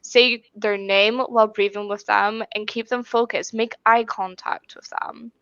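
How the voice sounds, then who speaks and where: Bright-voiced woman giving step-by-step advice. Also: medium pitch, a little slow, dry recording, lo-fi sound. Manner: calm, step-by-step instructions. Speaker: podcast panelist.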